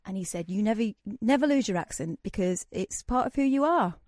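Brief: woman, radio phone-in host, mid-pitched, chatty and teasing, dry close studio mic. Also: animated, a little fast, darkish tone, no room sound. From Manchester, England. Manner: chatty, teasing, laughs easily. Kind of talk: late-night phone-in chat.

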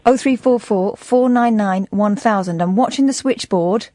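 A woman co-hosting a late-night radio phone-in from the studio, running the switchboard with a brisk, wry manner. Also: mid-range voice, warm tone, dry recording. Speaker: radio co-host.

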